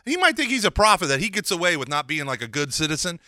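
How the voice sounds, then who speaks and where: Animated high-voiced male teacher. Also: fast, dry recording, studio quality. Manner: animated, acts out quoted dialogue; casual slang mixed with scripture. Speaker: Catholic teacher. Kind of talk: lively teaching talk.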